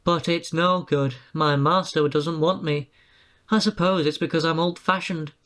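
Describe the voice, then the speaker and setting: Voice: mid-range voice, steady tone, a little slow, a bit bright, natural voice. A storyteller voicing a sad, resigned old male traction engine.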